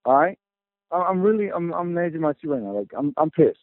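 A furious male caller rants and swears down a tinny phone line. His voice sits a little high and sounds close and dry. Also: very animated, no echo. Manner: furious, profane, fast venting. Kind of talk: angry call-in rant.

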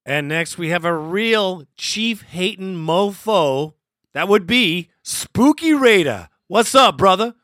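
A man's voice: high-pitched, lively intonation, takes it slowly, fairly bright tone, no echo. A man hosting a fan podcast, introducing callers in a friendly, hyped way. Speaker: host.

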